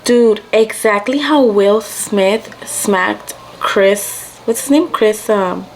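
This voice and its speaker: A woman's voice: medium pitch, takes it slowly, darkish tone, slight background noise. A young woman vlogger from Mexico telling a story casually while getting ready, chatty and mixing in Spanish. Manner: chatty, switches between English and Spanish.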